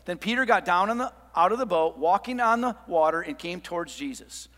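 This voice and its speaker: High-voiced preacher in a reverberant hall. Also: male voice, animated, fairly quick. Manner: preaching with big swings from hushed to loud. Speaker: pastor. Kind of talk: sermon.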